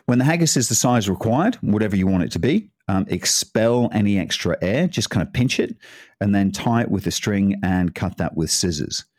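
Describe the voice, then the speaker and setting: A man's voice: lowish voice, expressive, normal speed, darkish tone, no room sound, clean studio sound. A man giving a casual, chatty cooking talk, rambling into asides and laughing as he goes. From Scotland. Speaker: cooking presenter.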